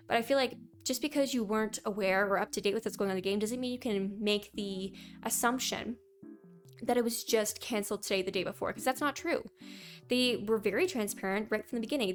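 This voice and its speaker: A young woman giving her opinions in a casual commentary vlog, opinionated and quick to mock what commenters say. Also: on the high side. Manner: opinionated, reads out viewer comments in mocking voices. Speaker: gaming YouTuber.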